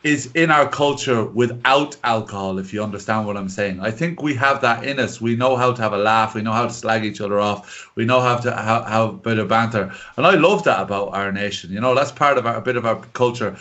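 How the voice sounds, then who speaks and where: An earnest Irish man talks through his thoughts on a podcast, rambling and restarting as he searches for words. His voice has a plain middle pitch. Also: fairly quick, hardly any pauses, a bit bright, highs cut off. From Ireland. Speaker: podcast co-host. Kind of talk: casual chat. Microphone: video call.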